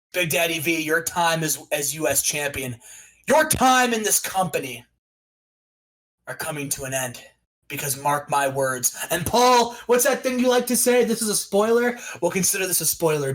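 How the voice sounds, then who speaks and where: Guy doing a vengeful wrestler cutting a slow, menacing promo in a game let's-play, voice dropped low. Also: fairly bright tone, low-quality recording.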